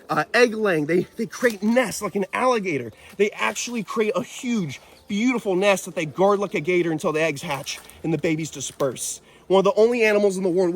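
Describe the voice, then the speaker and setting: A man on a wildlife vlog, outdoors in a forest, explaining animal facts to viewers and bursting into joyful shouts. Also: sits high, a little hiss or hum. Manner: exuberant, bursts into shouts of joy. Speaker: wildlife vlogger. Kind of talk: excited wildlife vlog narration.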